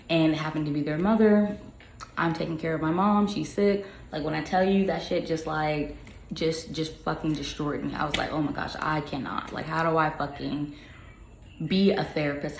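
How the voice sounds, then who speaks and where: A young adult woman, a social worker, talking casually and candidly about her work, swearing freely and filling her speech with "like". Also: sits low. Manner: candid, frequent swearing, lots of "like" fillers. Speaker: social worker and podcast host. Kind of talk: casual personal talk. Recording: echoey room with faint hiss.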